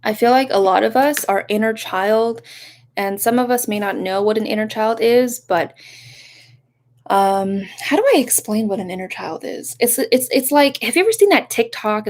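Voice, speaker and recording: A young woman giving a casual live-stream reading, talking softly and rambling, breaking off to greet viewers with sudden excitement. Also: mid-range voice, moderate pace. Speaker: live tarot reader.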